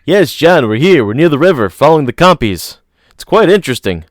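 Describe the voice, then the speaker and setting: A man reading an audiobook, voicing a calm, curious grown man speaking in a mild, matter-of-fact way. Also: fairly high pitch, brisk, dry recording, pitched above the performer's own voice. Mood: calm interest.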